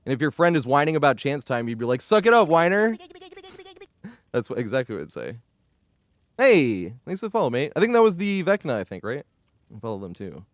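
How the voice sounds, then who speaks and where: Lively, excitable man streaming a game. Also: medium pitch, brisk, no room sound. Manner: excitable, yells at the game then apologizes; chatty, thanks viewers for follows. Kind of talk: live gameplay commentary.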